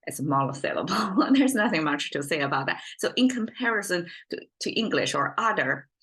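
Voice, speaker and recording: Low-voiced woman with a Chinese accent. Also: a bit bright. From China. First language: Mandarin Chinese. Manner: thinks aloud with many fillers and restarts. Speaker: language teacher. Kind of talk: unscripted explanatory lesson.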